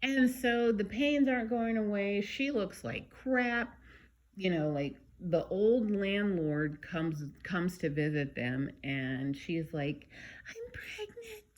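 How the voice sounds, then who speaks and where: A woman casually recapping a movie, chatty and animated, with frequent fillers and wry side remarks. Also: medium pitch, slow pace. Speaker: vlogger.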